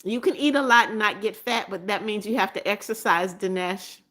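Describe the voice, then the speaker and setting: During a casual live chat, a female host reads her viewers' comments aloud at normal speed in a medium-pitched voice. Frequent laughter, blessings for those she greets, repeated phrases, and gentle scolding mark her manner.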